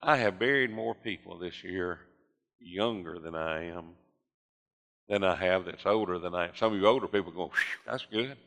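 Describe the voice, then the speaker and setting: Older male pastor, low bright voice, preaching with rising fervor in a big reverberant sanctuary. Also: normal speed. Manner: preaching with rising fervor, voicing listeners' objections. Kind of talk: sermon. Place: church sanctuary. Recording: long reverb of a church hall.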